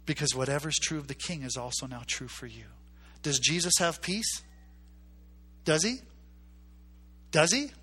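Bright-voiced man preaching a story. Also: medium pitch, brisk, slightly rough. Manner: acts out characters' voices, emphatic repetition. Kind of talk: sermon storytelling.

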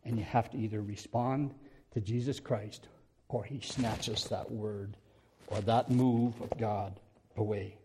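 A middle-aged man preaching a sermon in a church, telling stories with laughs and acting out quotes, moving between loud bursts and quiet passages. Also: on the low side, fairly even intonation, a little slow, slight background noise.

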